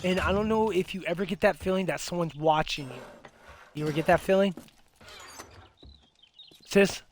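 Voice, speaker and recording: A man's voice: high-pitched, normal speed, slight background noise. A young man telling a ghost story in casual chat, rambling with many restarts and fillers. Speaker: host.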